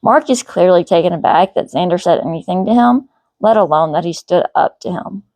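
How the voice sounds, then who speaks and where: A woman, the author, reading her novel aloud as first-person narration in a steady, even way. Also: lowish voice, fairly quick, no room sound.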